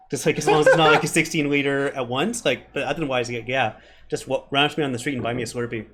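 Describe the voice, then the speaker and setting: A young man co-hosting a livestream, chatting fast and casually, often restarting his sentences. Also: medium pitch, steady tone, a bit bright, slight background noise. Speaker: co-host.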